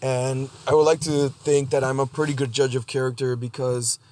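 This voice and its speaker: A man hosting a solo podcast monologue, blunt and profane, halting and restarting as he talks. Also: mid-range voice, level tone, darkish tone. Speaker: podcast host.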